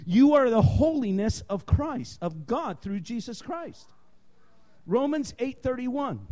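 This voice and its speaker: A man preaching a sermon, impassioned and emphatic, at times raising his voice to a shout. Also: very high-pitched, sing-song, slow pace.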